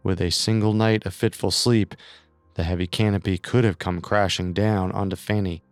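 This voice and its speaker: Male true-crime narrator, resonant low voice, dry close sound. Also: fairly even intonation, moderate pace, clean tone, no room sound, soft background music.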